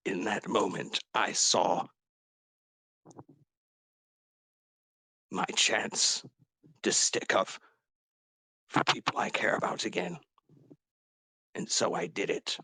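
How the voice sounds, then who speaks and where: A man voicing a grief-stricken dragonborn warrior, confessing in a raw, halting way with whispered breaks. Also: low voice, gravelly, bright, forceful tone, husky, dry recording, heavily acted. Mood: resolute. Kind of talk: tabletop role-play character speech.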